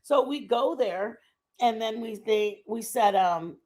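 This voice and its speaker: A woman streaming a casual chat, telling a rambling travel story in an animated way and laughing often. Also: fairly high pitch, takes it slowly, slight background noise. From Texas. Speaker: stream host.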